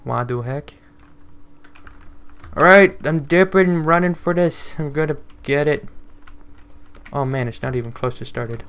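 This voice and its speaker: A man's voice: a little high, measured pace, long pauses, fairly bright tone. A man hosting casual gameplay commentary, laughing, swearing and joking in a mock-polite way with lots of "sorry, eh, bud.". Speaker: gaming channel host.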